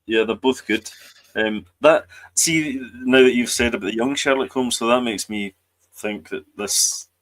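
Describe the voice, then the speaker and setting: A man's voice: mid-range voice, measured pace, a bit bright, poor audio. A man co-hosting a podcast, chatting casually about films and TV with wry, dry remarks. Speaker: podcast co-host.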